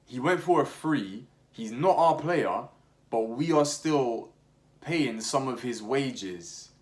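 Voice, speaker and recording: A man's voice: medium pitch, slow. Slangy young man chatting football. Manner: slangy, animated, many restarts and fillers. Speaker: football podcast host. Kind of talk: casual opinionated chat.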